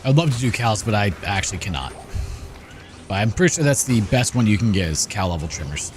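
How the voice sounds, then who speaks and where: A man's voice: on the low side, sing-song, brisk. A man streaming a game live, chatting casually and reacting aloud as he plays. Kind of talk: casual live gameplay commentary. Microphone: desk microphone. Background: game music.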